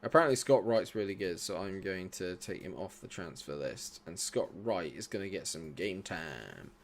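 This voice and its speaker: A young man streaming a football management game, talking back to the game and his chat and swearing often. He drops into low mutters, then breaks into sudden shouts. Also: expressive, normal speed, slight background noise. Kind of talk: live gaming commentary.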